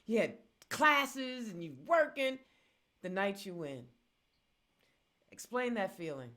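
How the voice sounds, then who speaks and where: A woman's voice: mid-range voice, big pitch swings, slow, fairly bright tone. A woman hosting an interview, building up her questions with emphatic, rhythmic phrasing. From Indiana. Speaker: host.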